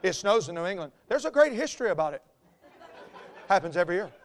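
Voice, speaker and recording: A man with a Southern US accent, preaching a folksy, joking sermon as a pastor, swinging between quiet asides and loud outbursts. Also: high-pitched, big pitch swings, fast. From American South.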